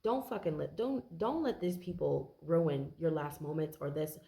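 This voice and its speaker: A woman's voice: low voice, moderate pace, gravelly, dark tone, roomy sound. A woman giving a casual, earnest tarot reading to camera, chatty and full of fillers, now and then swearing. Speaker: tarot reader.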